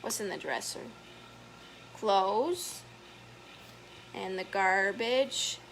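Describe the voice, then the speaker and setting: A woman reading a picture book aloud to children as a story time educator, chatty and gentle, stopping to point at the pictures. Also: medium pitch, expressive, very slow, slight background noise.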